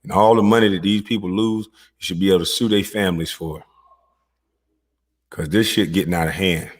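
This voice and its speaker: A man delivering a mocking, profane comedic commentary rant, with drawn-out hums between jabs. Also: low voice, fairly even intonation, big-room sound.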